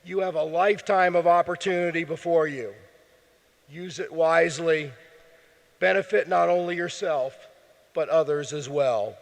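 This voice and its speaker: Hoarse man giving a ceremony speech. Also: a little high. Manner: earnest, measured address. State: hoarse, losing his voice. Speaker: ceremony speaker welcoming graduates. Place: large indoor arena. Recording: long arena reverb.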